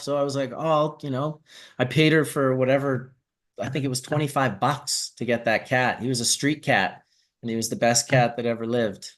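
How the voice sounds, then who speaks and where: Male host, mid-pitched, easygoing raconteur with a salty mouth. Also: normal speed. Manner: animated storyteller, swears casually. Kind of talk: casual chat.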